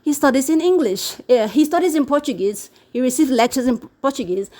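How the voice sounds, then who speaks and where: A high-pitched woman talks straight to her viewers in a loose, chatty vlog. She repeats herself, stacks up phrases and slips into quick impressions of the people she quotes. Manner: animated, repeats words, mimics quoted people. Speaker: YouTube vlogger. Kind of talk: casual to-camera chat. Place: living in Brazil.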